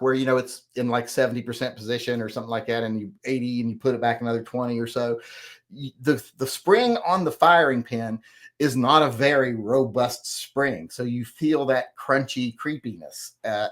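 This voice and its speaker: A man's voice: mid-range voice, a bit bright. A middle-aged man hosting a casual chat, reading viewer comments aloud and answering them in a rambling, self-correcting, plain-spoken way. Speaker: host.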